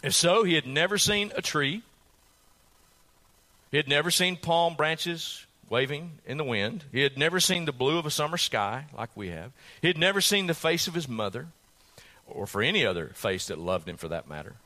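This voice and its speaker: A man's voice: a little high, big pitch swings, normal speed, sharp tone. A male pastor preaching a sermon, retelling a story dramatically and putting rhetorical questions to his listeners.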